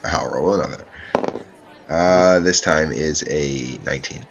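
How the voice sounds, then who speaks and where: Male tabletop player, very low voice, hesitant with lots of fillers. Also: a little slow, lo-fi sound, noisy background. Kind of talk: casual tabletop play.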